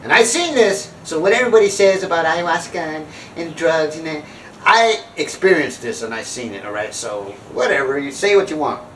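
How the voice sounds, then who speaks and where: A man's voice: fairly high pitch, lively intonation, fairly quick, a bit bright, roomy sound, recorded from a distance, slight background noise, rough recording. A man telling a funny story and preaching, acting out other people in squealing voices and laughing at his own jokes. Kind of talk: comic storytelling monologue.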